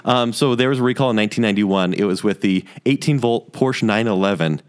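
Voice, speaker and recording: A man co-hosting a podcast, chatting casually in a playful, lively way. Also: fairly low pitch, fast. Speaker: podcast co-host. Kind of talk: casual chat.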